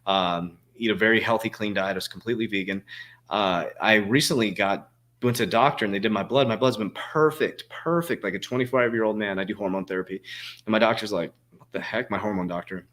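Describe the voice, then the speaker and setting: A man in his forties answers viewer questions on a casual livestream, in a fairly low voice. He rambles, swears freely and restarts his sentences, filling the gaps with ums and uhs. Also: fairly even intonation, quick pace, a bit bright. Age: 40s. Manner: rambling, profane, frequent fillers and restarts.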